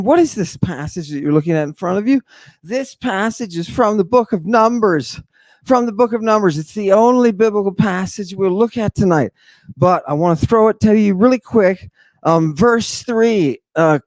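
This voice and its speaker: A man's voice: a little high, no room sound. Theatrical man lecturing. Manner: theatrical, swings between hushed dark asides and excited outbursts. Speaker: lecturer on ancient texts. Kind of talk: informal livestream lecture.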